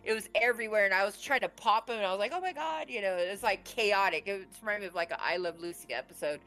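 A woman's voice: mid-range voice, fast talker, pushed and bright, faint music behind, poor audio. A woman in her late forties telling a personal story in a rambling, casual way, full of filler words. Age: 40s. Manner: rambling, full of "you know" and "like".

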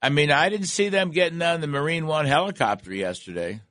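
A man's voice: a little high, expressive, fairly quick, a bit bright, no room sound. An older man hosting a talk radio show, delivering emphatic, repetitive political commentary from a studio. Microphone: studio microphone.

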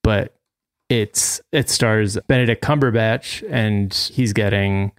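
A man co-hosting a podcast, laid-back and quick to laugh. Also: fairly low pitch, clean tone. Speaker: podcast co-host. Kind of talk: casual chat.

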